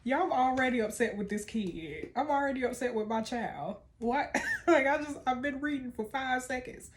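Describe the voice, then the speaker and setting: A woman's voice: high voice, normal speed. A woman hosting a gaming channel, chatting and playfully scolding as she reads game messages aloud. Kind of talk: let's-play commentary, reading game texts aloud.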